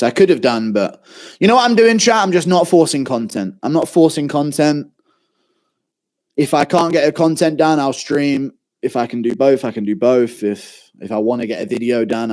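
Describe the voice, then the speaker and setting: A man's voice: mid-range voice, a little mellow. A man chatting loosely on a live stream, answering viewer questions with profane, rambling banter. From England. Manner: swears freely, rambling banter with lots of fillers.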